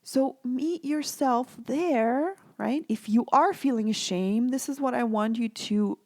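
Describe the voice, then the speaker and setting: A supportive woman coach speaks straight to mothers in a chatty podcast monologue. Her voice is warm and mellow, and the sound is close and dry with no room around it. She keeps checking in with the listener as she goes. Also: on the high side, takes it slowly, no echo. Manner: conversational, repeatedly checks in with "right?" and "okay?"; supportive, reassuring. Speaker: parenting coach and podcast host.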